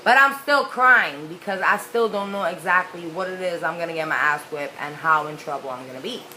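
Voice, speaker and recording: A woman's voice: on the low side, fairly quick, pushed and bright, rough recording. A young woman telling a personal story in a casual, candid, profane way, rambling with lots of "like"s. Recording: faint background noise.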